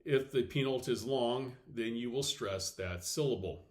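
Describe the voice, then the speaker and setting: A man teaching a recorded slide lesson, explaining step by step, checking in with "okay" and saying example words slowly and deliberately. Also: mid-range voice. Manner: clear step-by-step explaining with frequent okays. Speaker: Latin teacher.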